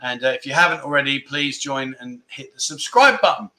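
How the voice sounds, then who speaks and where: A man's voice: mid-range voice, expressive, fairly quick, pushed and bright. A man hosting a casual livestream chat, effusive and chatty as he keeps thanking his viewers. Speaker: livestream host.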